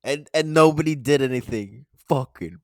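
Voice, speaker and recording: A young man co-hosting a casual podcast, laughing easily and cutting in with crude, joking remarks. His voice sits at a medium pitch and he talks in a loose, chatty way. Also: lively intonation, moderate pace, a bit bright, slight background noise. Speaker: podcast co-host. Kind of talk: casual chat.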